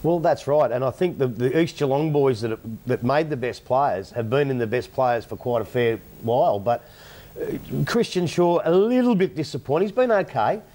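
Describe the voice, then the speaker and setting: A man's voice: medium pitch, animated, normal speed, dark tone. An Australian man on a football panel show giving blunt, opinionated takes. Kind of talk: sports panel commentary.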